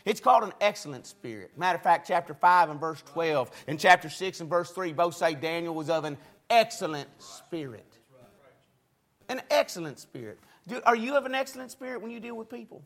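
A man preaching a sermon, with a preaching cadence that swings from loud exclamations to quiet asides. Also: high voice, expressive, normal speed, gravelly, long pauses.

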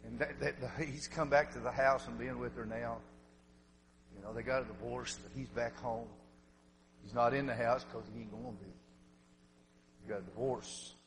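A middle-aged man preaching a sermon in plain folksy speech, drifting from hushed storytelling to shouted exhortation. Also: mid-range voice, steady tone, normal speed, long pauses, background noise. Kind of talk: fiery sermon. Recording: long hall reverb.

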